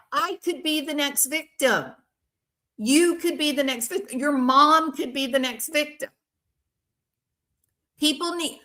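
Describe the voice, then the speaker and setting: A woman's voice: on the high side, sharp tone. An older woman hosting a casual commentary, giving her opinion in a plain-spoken, emphatic way. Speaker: commentary channel host.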